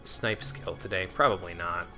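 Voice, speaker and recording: A man's voice: low voice, normal speed, over music. A man giving casual live-stream commentary on a game, chatting to viewers in a self-deprecating way. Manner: chatty, answers chat, self-deprecating with restarts.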